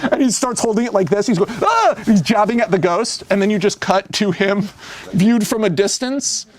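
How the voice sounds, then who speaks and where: High-ish voice guy pitching his movie, acts out the scenes, lots of "like", dry sound. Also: no echo. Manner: animated storyteller who acts out scenes; speaks in fast bursts with many "like" fillers. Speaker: screenwriter pitching a film. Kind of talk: casual interview talk.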